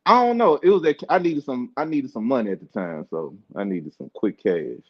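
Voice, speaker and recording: A man's voice: on the low side, very animated, moderate pace, breathy edge. A man guest in a casual interview, laid-back and boastful, cursing freely in loose slang. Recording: dull lo-fi sound.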